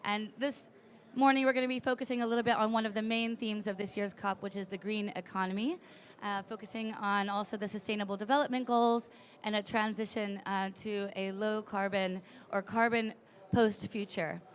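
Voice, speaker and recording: A woman's voice: medium pitch, little pitch movement, normal speed. Woman moderating a panel, filler-heavy. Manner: friendly, lots of um and uh fillers.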